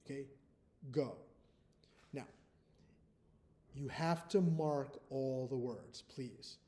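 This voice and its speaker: A man's voice: medium pitch, drawn-out words, dark tone. A male first-grade teacher giving a recorded spelling test to young children, patient, often checking in with "okay?" after each step.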